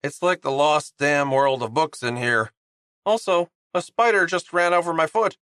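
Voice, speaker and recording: A man voicing a playful young man with exaggerated, lively delivery. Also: fairly high pitch, moderate pace, clean tone, no room sound, clean studio sound, voice pushed up, close to an everyday voice.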